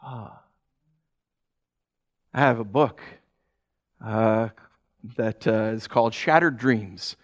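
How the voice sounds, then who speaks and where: A man's voice: lowish voice, takes it slowly, long pauses. A pastor preaching a sermon, talking animatedly and acting out the people he quotes. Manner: animated, acts out quoted voices.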